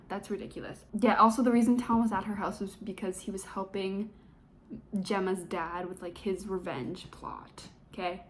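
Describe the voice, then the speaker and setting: A young woman talks through a book's plot in a loose, chatty recap. Her delivery is sarcastic and peppered with fillers, and her voice sits at a middling pitch. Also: darkish tone. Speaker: book reviewer. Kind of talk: casual book recap vlog.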